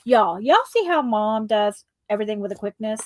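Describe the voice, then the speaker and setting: A woman's voice: mid-range voice, expressive, moderate pace, no echo. Chatty woman rambling through crafts. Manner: chatty, rambling, lots of ums and asides to viewers. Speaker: craft livestream co-host. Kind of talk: casual craft chat.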